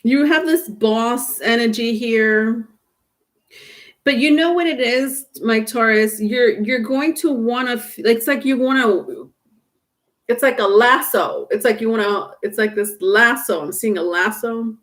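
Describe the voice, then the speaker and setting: A woman with a slightly high voice gives a live tarot reading straight to her viewers. She talks in a loose, chatty way, teasing and digressing, and keeps breaking into laughter. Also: a little slow. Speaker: tarot reader.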